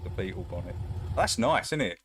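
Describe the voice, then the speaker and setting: A man's voice: low-pitched, very animated, a little fast, fairly bright tone, a little hiss or hum. A man with an Essex accent chatting casually and joking as a livestream host. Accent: Essex English. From England. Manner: laughing, joking commentary. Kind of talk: casual live chat.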